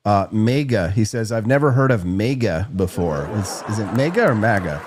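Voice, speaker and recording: A man's voice: fairly low pitch, expressive, normal speed. A man from Missouri hosting a live-streamed political talk show, opinionated and jokey.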